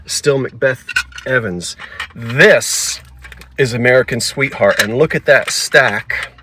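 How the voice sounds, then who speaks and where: A man's voice: medium pitch, noisy background. A man in his forties or fifties from South Jersey, with a slight South Jersey accent, chatting to himself and his viewers while browsing store aisles on a handheld phone camera. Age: 40s to 50s. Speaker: antiques vlogger. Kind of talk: casual thrifting vlog. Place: thrift store aisles, then a parked car.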